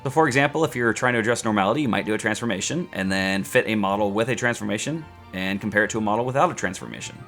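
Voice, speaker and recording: A man's voice: fairly low pitch, racing, few pauses, a bit bright, soft background music. A man teaching statistics in a casual video lecture, chatty and joking, with rants and self-mocking asides. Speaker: statistics instructor.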